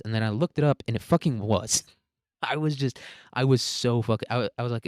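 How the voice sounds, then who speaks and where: A man's voice: medium pitch, a little fast, no echo, clean studio sound. A young man in his twenties, rambling crudely through a casual ranking chat with lots of filler words and laughter.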